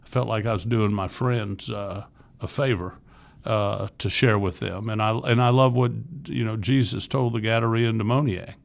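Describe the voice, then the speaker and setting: A man's voice: lowish voice, fairly even intonation, moderate pace, gravelly. A man in his sixties from Florida, telling his life story as a podcast guest in an earnest, candid way, with frequent restarts. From Florida, USA. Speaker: podcast guest, youth ministry leader. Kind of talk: casual interview storytelling.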